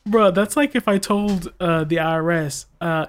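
A man's voice: high-pitched, normal speed. Exasperated young man telling work stories. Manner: exasperated storytelling, quotes callers in mocking voices. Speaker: school tech support worker. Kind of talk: casual podcast chat.

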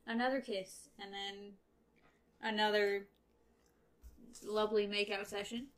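A woman's voice: mid-range voice, flat delivery, a little slow, pauses often, poor audio. A woman co-hosting a podcast, reading a novel aloud and chatting about it in a wry, easygoing way. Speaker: podcast co-host.

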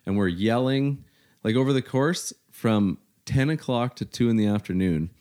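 A man, a podcast guest telling a story with animation and acting out shouted quotes. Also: mid-range voice, normal speed.

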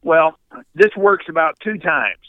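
Older male guest, Michigan-raised, resonant, dry close mic, animated storyteller. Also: on the high side, unhurried, no echo, narrow, tinny audio. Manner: animated anecdote teller, mimics yelping dogs and shouting people. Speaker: podcast guest, retired baseball pitcher. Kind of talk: casual storytelling chat.

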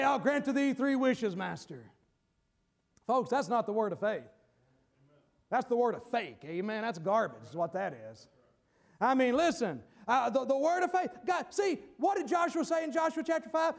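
Male preacher, very high voice, punchy delivery that swings from shouting to low asides. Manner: emphatic, bursts into shouted points then drops low. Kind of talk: sermon.

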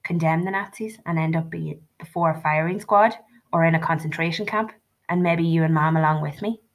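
Woman voicing a middle-aged father, low and gentle, reasoning, gravelly, storybook reading. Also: fairly quick. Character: careful middle-aged Irish father, councillor.

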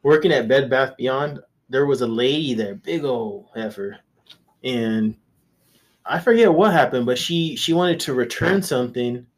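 A man's voice: mid-range voice, measured pace. A man guest-hosting a podcast, telling rambling, profane anecdotes in casual chat, with restarts and laughter.

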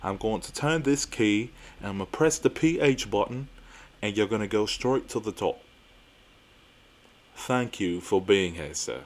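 A man's voice: fairly low pitch, lively intonation, unhurried. A man voicing a courteous English doorman in a mock English accent, speaking politely and formally.

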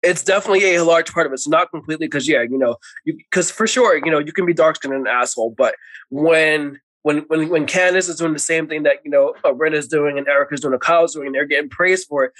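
A man hosting a casual podcast chat, animated and opinionated, often repeating himself for emphasis. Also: a little high, quick pace, low-quality recording. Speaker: podcast host.

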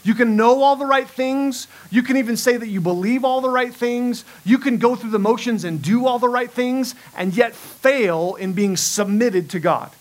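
A man's voice: extremely high pitch, moderate pace, hardly any pauses. A middle-aged man preaching a sermon as pastor, earnest, often repeating himself as he restarts a thought.

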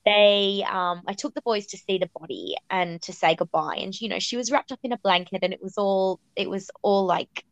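A woman's voice: medium pitch, steady tone, normal speed, few pauses, no room sound, dull audio. A woman in her thirties hosting a podcast, telling a family story in a chatty way with fillers. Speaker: podcast host. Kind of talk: podcast conversation.

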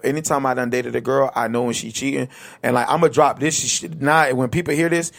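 A man's voice: medium pitch, fairly even intonation, brisk, gravelly. A man with a Florida accent in casual chat, rambling and slangy, saying "bro" a lot.

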